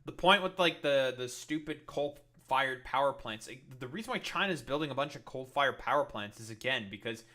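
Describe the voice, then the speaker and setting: A man with a bright, forward voice rants in live-stream political commentary. He swears freely and keeps stumbling into restarts as he pushes his point. His pitch sits in an ordinary middle range. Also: lively intonation, normal speed, hardly any pauses. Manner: heated ranting with profanity and many restarts.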